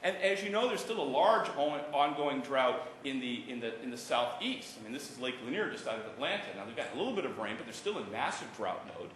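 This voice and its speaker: A man giving a university lecture, animated and prone to restarting his sentences. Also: medium pitch, fast, few pauses, a little hiss or hum. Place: lecture hall. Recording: echoey lecture hall.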